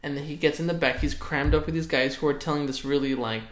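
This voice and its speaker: A man's voice: a little high, fairly even intonation, fast, echoey room. A man in casual chat, talking enthusiastically with many fillers. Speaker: co-host discussing a film.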